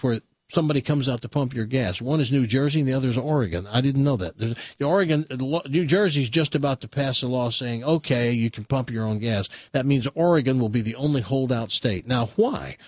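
A man hosting a radio show, chatting casually and telling a joke with animated storytelling. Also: mid-range voice, no echo.

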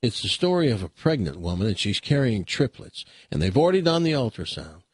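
A man's voice: on the low side, brisk, slightly rough, no echo, studio quality. A man hosting a radio show, chatting casually and telling a long joke with dramatic pacing. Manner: animated, dramatic storyteller.

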